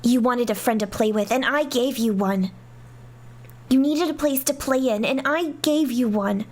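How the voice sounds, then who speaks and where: Woman dubbing a high-voiced, possessive princess girl, commanding, shrill when pushed. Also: normal speed, a little mellow, natural voice. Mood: wounded, demanding. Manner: commanding, rising to shrill outbursts. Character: haughty possessive young princess girl, temperamental. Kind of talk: fan dub of game dialogue.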